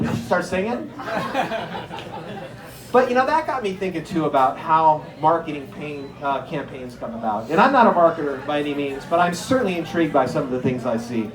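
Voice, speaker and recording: A man doing an animated stand-up comedy set, telling stories with incredulous acted-out bits. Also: sits high, a little fast, crowd noise. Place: comedy stage before a live audience. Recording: echoey room.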